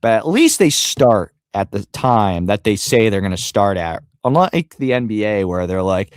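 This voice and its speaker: A man's voice: lowish voice, sing-song, moderate pace, hardly any pauses, clean tone, dry recording, studio quality. A man co-hosting a sports podcast, rambling casually with frequent fillers and the odd curse. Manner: rambling, profane, trails off with fillers. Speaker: podcast co-host.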